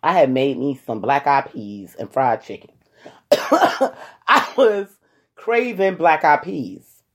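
A woman telling a personal story to her viewers in a casual, animated way, talking straight to them and acting out what people said. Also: deep voice, slow. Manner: animated, acts out quoted voices; colloquial, addresses listeners as y'all.

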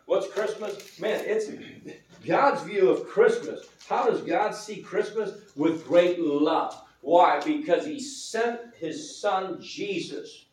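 A male pastor with a high-pitched, slightly mellow voice preaches slowly in a church sanctuary, keeping it conversational and posing questions to the congregation. He was recorded from a distance in a roomy church hall.

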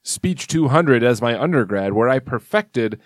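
This is a man with a mid-range voice, co-hosting a comedy podcast. He delivers absurd lines in a flat, matter-of-fact way. The sound is dry and close. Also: mid-range voice, measured pace, dry recording. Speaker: podcast co-host.

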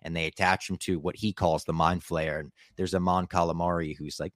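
A man with a very low voice walks through an episode scene by scene, keen and chatty. The sound is dry and close, with no room behind it. He slips into quick quoted lines as he retells it. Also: level tone, a bit bright, no echo. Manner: enthusiastic, narrates scenes with acted quotes. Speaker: podcast co-host. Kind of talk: casual episode recap.

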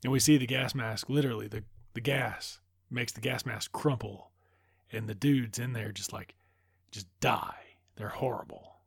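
Guy rambling thru a movie recap, cussing a lot, mid pitch, dry sound. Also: steady tone, a little slow, vocal fry, husky, dry recording. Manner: loose, rambling, swears freely. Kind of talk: casual profane movie recap.

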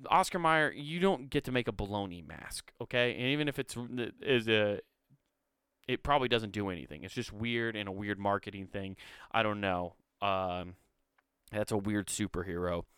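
A man's voice: on the low side, normal speed, fairly bright tone, clear, resonant tone, no echo, clean studio sound. A man casually reading an article aloud and breaking off to ramble, swear and make sarcastic asides. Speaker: video host.

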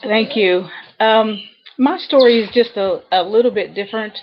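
A woman dispatcher telling a personal story over a video call, earnest and halting with many pauses. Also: mid-range voice, muffled recording, slight background noise. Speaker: 911 dispatcher guest.

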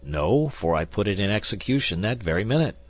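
Wry, unbothered musketeer, low and husky, as a male reader plays him. Audiobook reading. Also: fairly quick, no echo. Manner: calm, drawling and wry. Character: coolly indifferent older male musketeer, wry gambler.

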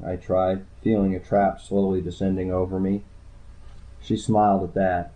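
A man's voice: deep voice, level tone, measured pace. A man narrating a first-person story in a dry, wry way. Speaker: audiobook narrator. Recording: tinny phone-like sound.

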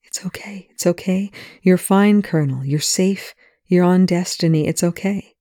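A reader voicing a calm woman medic, soft and reassuring, often near a whisper. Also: mid-range voice, moderate pace, dry recording, natural voice. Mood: soothing. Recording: dry close recording.

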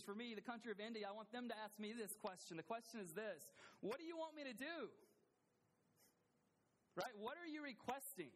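A man preaching a sermon as a pastor in a church, earnestly asking the congregation questions and repeating phrases for emphasis. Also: sits high.

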